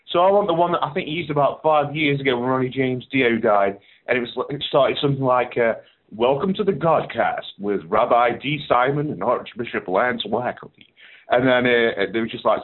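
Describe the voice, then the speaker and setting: A man from England with a Midlands accent, leaving a rambling, hesitant voicemail request for a podcast. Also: medium pitch. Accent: English Midlands. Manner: rambling, hesitant, many fillers. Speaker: caller. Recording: phone line.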